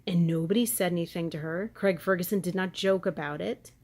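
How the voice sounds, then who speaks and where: Woman vlogger, low-ish voice, rambling gossip chat. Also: fairly even intonation, a little fast, darkish tone. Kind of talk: casual chat.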